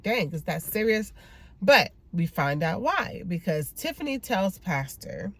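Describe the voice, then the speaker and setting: Woman host, casual TV recap, lively storyteller who slips into characters' lines, dry close sound. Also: on the low side, no room sound. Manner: chatty with repeated emphatic words. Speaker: YouTube TV recap host and clinician. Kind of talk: casual TV episode review.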